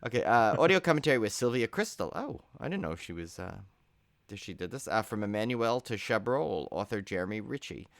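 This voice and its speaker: A man's voice: fairly low pitch, sing-song, a little fast, vocal fry, no room sound, clean studio sound. A tired man co-hosting a podcast in casual chat, rambling and joking as he drifts off on tangents. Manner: rambling, jokey, wanders off on tangents. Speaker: podcast co-host.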